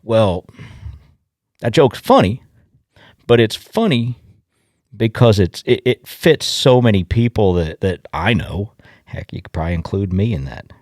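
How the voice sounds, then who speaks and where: A middle-aged man from Illinois hosting a farming podcast, telling stories in a folksy, halting way. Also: fairly low pitch, animated, a little mellow, dry recording, clean studio sound. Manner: folksy storyteller, halting restarts. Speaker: podcast host. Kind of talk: casual podcast monologue.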